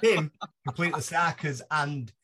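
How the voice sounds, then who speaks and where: A man, a podcast guest telling animated stories with casual swearing. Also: on the high side, moderate pace, husky. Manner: lively, laughs through his stories, swears casually. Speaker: podcast guest, mentalist blogger. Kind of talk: animated anecdotal storytelling.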